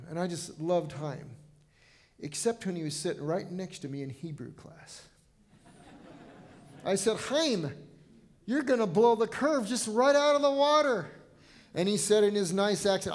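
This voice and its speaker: A male pastor preaches to his congregation in a church sanctuary. His voice sits a little higher than most men's. He talks earnestly and conversationally, often stumbling over and repeating words as he goes. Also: darkish tone. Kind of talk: sermon.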